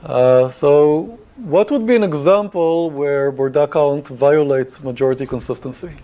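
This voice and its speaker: A man's voice: fairly high pitch, a little slow, warm tone, slight background noise. A man giving a university lecture, talking to the class in a conversational way with many fillers and questions.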